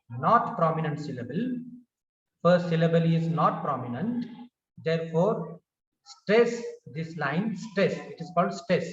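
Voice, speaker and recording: A man teaching an English pronunciation lecture, speaking slowly and deliberately and repeating words as a drill. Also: on the high side. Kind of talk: slow classroom lecture. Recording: roomy, dull lo-fi recording.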